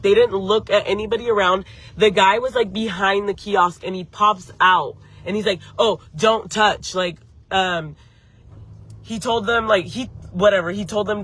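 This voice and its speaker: A woman tells a story live to her viewers, heated and full of swearing. Her voice is bright and sharp. She keeps breaking off to answer comments from the chat. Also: medium pitch, slight background noise. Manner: heated, profane, talks straight to viewers. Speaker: beauty channel host. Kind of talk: live-streamed story time.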